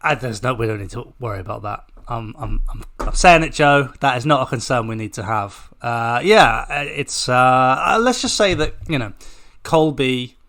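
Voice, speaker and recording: A man co-hosting a sports podcast in casual chat, measured and analytical, often breaking off and restarting. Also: medium pitch, lively intonation, a bit bright. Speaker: podcast co-host.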